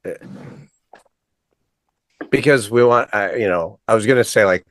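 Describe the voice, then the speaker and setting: Man, podcast co-host, lowish voice, dry close sound, hesitant thoughtful talk. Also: no room sound. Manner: thoughtful, hesitant, with fillers and rephrasing. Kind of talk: casual podcast chat.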